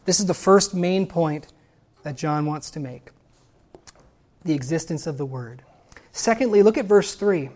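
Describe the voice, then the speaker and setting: A woman preaching a sermon with a lowish voice. She builds to loud, emphatic exclamations. She also reads scripture and hymn lines aloud. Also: lively intonation, measured pace, long pauses.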